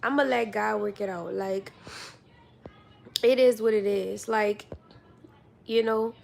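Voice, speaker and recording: A woman's voice: medium pitch, fairly even intonation, takes it slowly, gravelly, faint music behind. A young woman giving blunt, profane casual commentary, often laughing. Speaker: commentary vlogger.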